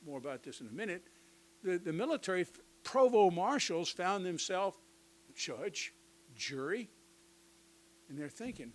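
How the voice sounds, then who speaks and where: An older man giving a conversational history lecture to teachers, with lively asides and touches of humor. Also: sits high, unhurried, pauses often, slight background noise, low-quality recording. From United States.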